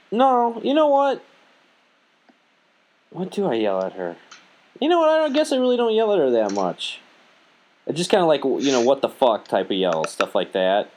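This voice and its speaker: A young man hosting a podcast, joking around crudely and swearing freely. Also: medium pitch. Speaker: podcast host. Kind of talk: casual podcast banter.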